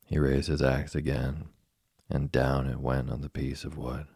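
A man reading a classic children's story aloud as a slow, soft, monotone sleep story. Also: extremely low pitch, vocal fry, slightly rough, no echo, studio quality. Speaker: narrator. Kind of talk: scripted sleep story narration.

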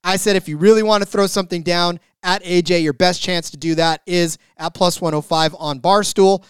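A man co-hosting a sports betting podcast, excitable as he reads out bet lists, stammering at times. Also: high voice, normal speed, smooth, no room sound, clean studio sound. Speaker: podcast co-host. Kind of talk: casual sports betting chat.

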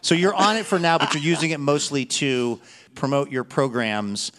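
A man hosting an interview, asking his questions in a halting, curious way with many "uh"s. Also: on the high side, a bit bright. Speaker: interviewer, host.

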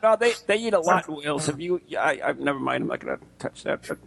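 A man's voice: a little high, lively intonation, fast, gravelly, a crowd in the background. A man from the United States, co-hosting a podcast in casual, jokey banter, often repeating words as he goes. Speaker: podcast co-host.

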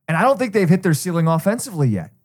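A man's voice: sits high, sing-song, very fast, darkish tone. A man co-hosting a sports betting podcast who teases his partner, laughs often and walks through his picks step by step. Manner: teasing, laughs often, lays out picks methodically. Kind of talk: casual sports betting banter.

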